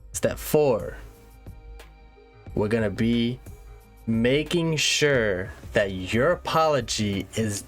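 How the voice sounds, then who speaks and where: A man hosting a satirical tutorial monologue, mock-serious and lively, checking in with "all right?" again and again. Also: medium pitch. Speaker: comedic YouTuber host.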